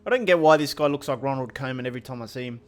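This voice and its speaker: Chatty man with a smooth, clear voice. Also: medium pitch, racing. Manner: casual, joking, chatty. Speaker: gaming youtuber. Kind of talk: gameplay commentary.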